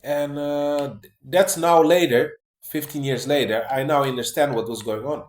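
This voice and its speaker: A man's voice: a little high, fairly even intonation, normal speed, roomy sound. A man talking casually to his viewers in a rambling way, full of fillers, restarts and "man" and "guys". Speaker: vlogger. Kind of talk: casual monologue to camera.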